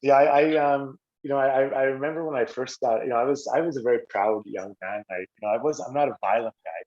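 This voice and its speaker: A middle-aged Canadian man, a former hockey player, telling stories casually on a podcast and acting out quotes with a raised voice. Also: fast. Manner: animated, acts out quotes with raised pitch. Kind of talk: casual storytelling. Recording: slightly dull lo-fi audio.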